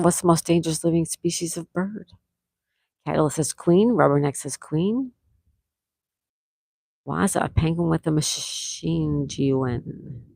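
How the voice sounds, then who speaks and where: A woman hosting a live-stream trivia game, reading viewers' answers aloud and repeating each question slowly. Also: low voice, creaky, mellow, no room sound. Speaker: trivia host.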